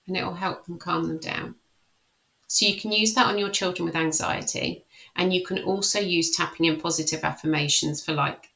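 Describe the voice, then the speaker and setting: A woman life coach leading a guided tapping session. She speaks slow, repeated affirmations, then explains the method in a friendly way. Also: fairly low pitch, vocal fry, pushed and bright, poor audio.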